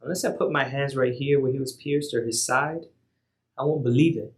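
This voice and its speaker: A man's voice: mid-range voice, fairly even intonation, moderate pace, lightly acted. A man voicing a blunt, doubting grown disciple who brushes things off in slangy words. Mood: doubtful. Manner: dismissive, slangy.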